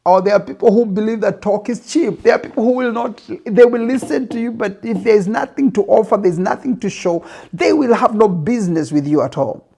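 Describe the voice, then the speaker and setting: A man giving a motivational talk on pitching, retelling a Bible story emphatically to make his point. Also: a little fast, creaky, warm tone, husky. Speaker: business speaker.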